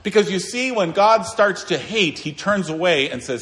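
A man preaching a sermon as a pastor, earnest and emphatic, swinging between raised declarations and quiet, low asides. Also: lively intonation, measured pace, hardly any pauses. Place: church sanctuary. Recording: long reverb of a church hall.

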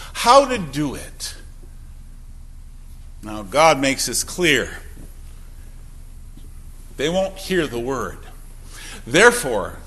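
Emphatic preacher man with lively pitch. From Wisconsin. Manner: emphatic preaching with sudden loud and soft swings. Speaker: pastor. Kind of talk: sermon.

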